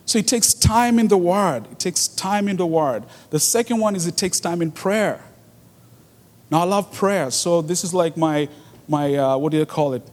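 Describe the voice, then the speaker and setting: A man's voice: high voice, normal speed. A man preaching a sermon in an earnest way, repeating his key phrases for emphasis. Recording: long hall reverb.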